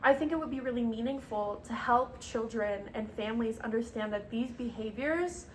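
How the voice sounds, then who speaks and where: A woman's voice: on the high side, normal speed, slight background noise, poor audio. Hesitant young woman presenting in class. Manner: hesitant, frequent ums and uhs. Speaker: student presenter.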